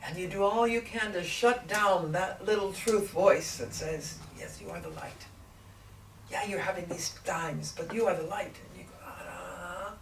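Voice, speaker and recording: A woman in trance channeling a gentle, patient ancient male spiritual teacher, speaking slowly and deliberately with many rhetorical questions. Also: fairly low pitch, vocal fry. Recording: echoey room, distant mic, faint noise.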